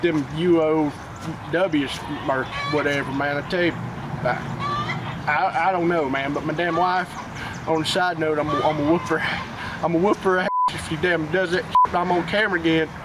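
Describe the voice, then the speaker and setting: A crude, bumbling country husband, played by a man, stammers and cusses as he rambles on, in a fairly high voice. He is recorded outdoors, with clear background noise. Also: steady tone, normal speed, lightly acted. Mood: rambling.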